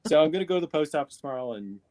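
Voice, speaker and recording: A man's voice: a little high, animated, rapid-fire, a little mellow. A man chatting casually on a live video call, rambling with fillers and restarts, speaking into a tablet microphone. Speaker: panelist on a live video show. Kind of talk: casual chat.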